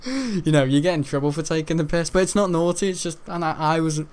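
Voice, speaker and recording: A man's voice: fairly high pitch, moderate pace, long pauses, darkish tone, slight background noise. A young man telling a school story while gaming, laughing often and tripping over his words. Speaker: gaming streamer.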